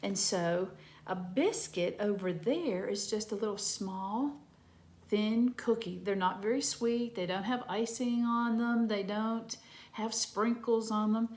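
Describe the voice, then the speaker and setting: A woman, gently teaching a lesson to young children from home. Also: mid-range voice. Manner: gentle, slow, talking to children. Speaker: preschool teacher.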